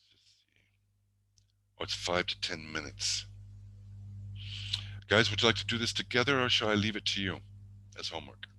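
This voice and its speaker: A man's voice: on the low side, lively intonation, moderate pace, pauses often, sharp tone, low-quality recording. A man teaching an online exam-prep lesson over a video call, thinking aloud and correcting himself as he goes, with murmured asides.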